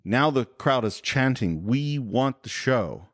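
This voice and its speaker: Male film-podcast co-host, casual storyteller, very lively pitch, dry close recording. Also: slow, no room sound. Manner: animated retelling, acting out quotes.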